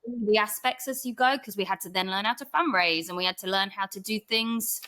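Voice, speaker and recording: A woman's voice: medium pitch, a little fast, bright, forceful tone. Easygoing young woman. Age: young adult. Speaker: dog rescue co-founder, guest. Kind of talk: casual interview talk.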